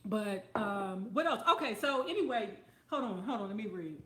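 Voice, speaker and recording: A woman hosting her own talk show, telling stories and reacting to viewer comments in a profane, animated way. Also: medium pitch, roomy sound. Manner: animated, profane, storytelling, quick to laugh. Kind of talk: casual talk show monologue.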